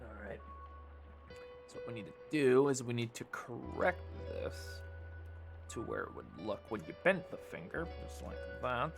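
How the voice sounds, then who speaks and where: A man's voice: mid-range voice, animated, normal speed, vocal fry, over music. A man streaming a casual tutorial, thinking aloud and muttering as he works, with the odd swear. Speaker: streamer teaching 3D modeling.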